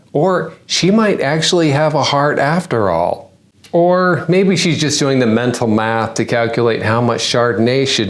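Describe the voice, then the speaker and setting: A man delivers a satirical news monologue in a middle-pitched voice. He lands sarcastic punchlines one after another, like a stand-up comic running through the day's headlines. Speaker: comedian hosting a news-parody segment.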